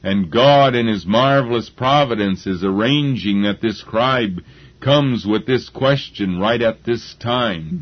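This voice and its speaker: A man preaching a sermon, slow and deliberate, with halting restarts as he gathers his thoughts. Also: on the low side. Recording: dull lo-fi recording.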